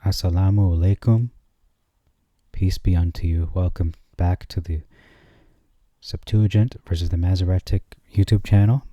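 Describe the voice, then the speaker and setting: A man hosting his own channel, comparing scripture translations on screen and reading verses slowly before commenting dryly. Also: low voice, steady tone, warm tone, no room sound, dull audio. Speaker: channel host.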